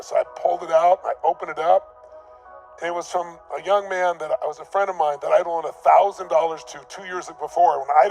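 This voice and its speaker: Intense gravelly man telling a story. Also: high-pitched, a little mellow. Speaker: motivational speaker. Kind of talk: personal storytelling motivational talk.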